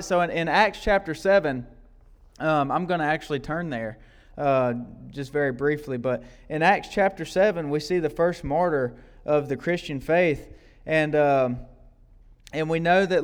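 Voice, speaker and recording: A man's voice: fairly high pitch, clean tone. A man preaching a sermon to a congregation in a loose, conversational way. He often adds "right?" to his lines and repeats his words. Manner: questions and prompts the congregation. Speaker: guest preacher. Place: church service before a congregation.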